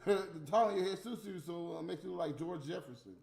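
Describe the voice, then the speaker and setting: A man delivering a heated, profane, scolding rant on a livestream, with loud bursts. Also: sits high, brisk, gravelly. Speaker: livestream host. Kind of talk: unscripted ranting monologue. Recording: echoey room with faint music.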